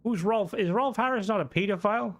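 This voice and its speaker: A man's voice: high-pitched, a little fast. A young Irish man chatting casually on a game stream, rambling, swearing freely and answering chat.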